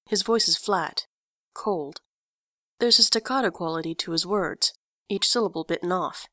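A woman narrating a story in an even, expressive audiobook reading. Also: fairly low pitch, moderate pace, no echo, studio quality.

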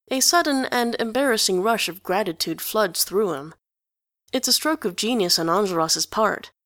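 A woman's voice: medium pitch, a bit bright, dry recording. Woman reading a story aloud, dry and close. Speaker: reader.

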